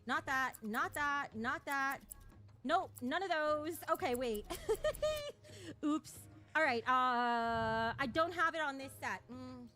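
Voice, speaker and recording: A woman's voice: high voice, slow, bright, forceful tone, faint music behind. A woman streamer ranting casually on a livestream, profane and taunting, a little out of breath.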